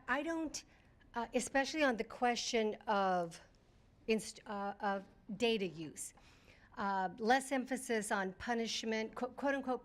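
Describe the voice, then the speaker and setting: A woman who leads a charter school, speaking bluntly in a meeting and arguing her point with halting restarts. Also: a little high. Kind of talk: meeting discussion. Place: conference room.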